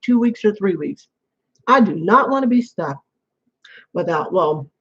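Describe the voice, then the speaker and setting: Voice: mid-range voice, breathy edge. A person chatting casually to camera at home in an apartment, rambling and repeating phrases. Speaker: vlogger. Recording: dull lo-fi home recording.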